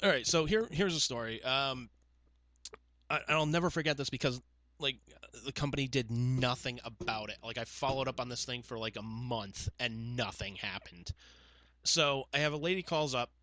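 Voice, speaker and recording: Bright-voiced sarcastic man telling stories. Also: medium pitch, moderate pace, no room sound. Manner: sarcastic, profane, mimics callers in exaggerated voices. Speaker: podcast co-host, former call center worker. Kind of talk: casual storytelling chat.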